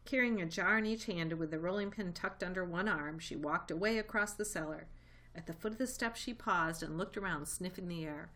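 A woman reading a children's storybook aloud, lively and expressive. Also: lowish voice, normal speed. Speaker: reader. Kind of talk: storybook read-aloud narration.

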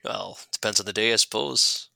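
A man with a gravelly, bright voice talks in a loose, rambling way, circling back with fillers and restarts. The sound is dry and close, with no room around it. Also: lowish voice, brisk, no echo. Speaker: guest glider pilot. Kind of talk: casual interview chat.

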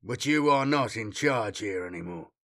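A man's voice: lowish voice, expressive, normal speed, a bit bright, no echo, clean studio sound, pitched below the performer's own voice. A man voicing a proud warrior sergeant who speaks firmly and with control.

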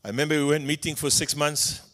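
A middle-aged man with a South African accent, a pastor preaching a sermon in an animated storytelling way, dropping in Afrikaans phrases. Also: on the high side, fast.

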